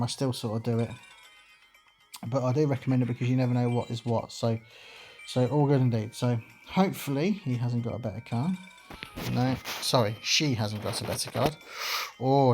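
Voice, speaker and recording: A gaming channel host runs a let's play, talking through his moves in a rambling, chatty way packed with fillers. His voice is medium-pitched with a darkish tone.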